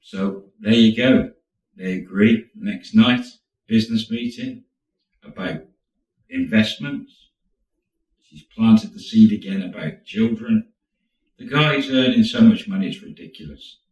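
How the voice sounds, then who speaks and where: Male storyteller, chatty and animated; very low voice, roomy and distant. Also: measured pace, lo-fi sound. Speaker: storyteller, channel host. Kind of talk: casual storytelling.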